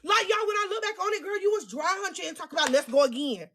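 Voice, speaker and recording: A woman vlogger telling an embarrassing storytime. She is crude and self-mocking, talks straight to her viewers, and turns loud when she teases herself. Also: very high voice, fast, a little hiss or hum. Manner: animated, loud bursts when teasing herself. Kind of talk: storytime vlog.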